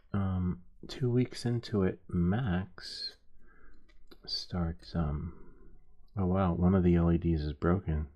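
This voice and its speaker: A man's voice: low-pitched, muffled recording. A man hosting a soldering live stream who tells a rambling story while he works. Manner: rambling, halting, with many restarts.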